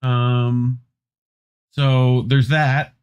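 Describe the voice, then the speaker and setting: Man, co-host, casual news commentary, slow drawling pace, rambling, swears in asides. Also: medium pitch, little pitch movement, clean tone, highs cut off. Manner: loose, rambling, profane asides.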